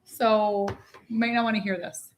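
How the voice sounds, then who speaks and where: A mother in her forties films a casual home vlog, teasing her young son in a playful, sing-song way. Her mid-range voice has a flat delivery at a moderate pace, with a little hiss or hum in the background.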